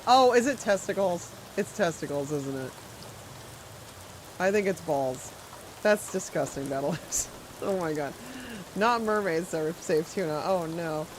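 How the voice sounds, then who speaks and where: A game streamer chatting loosely with viewers while playing, voice sitting in an ordinary middle pitch. The talk wanders and doubles back with plenty of fillers, and the opinions are delivered firmly. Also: expressive, measured pace, long pauses, a little hiss or hum, low-quality recording. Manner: rambling, chatty, answers chat, strong food opinions. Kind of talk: casual live-stream chat while playing.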